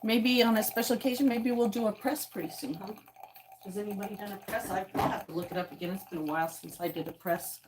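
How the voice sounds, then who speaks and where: A woman's voice: medium pitch, fast talker. Chatty middle-aged woman livestreaming outdoors. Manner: chatty, talks to viewers and pets, drifts into soft whispers. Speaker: livestream host. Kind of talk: casual livestream chat. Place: outdoors on a wooded ridge. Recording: noisy outdoor recording.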